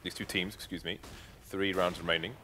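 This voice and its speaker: A male color commentator on a live esports broadcast, with a bright, forceful tone. He talks with emphatic, playful hype, leaning hard on the players he rates. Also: sits low, flat delivery, brisk, slight background noise.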